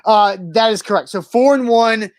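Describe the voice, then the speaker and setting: A man co-hosting a casual sports trivia show, eager and quick to guess and banter. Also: high voice. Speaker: co-host of a trivia segment.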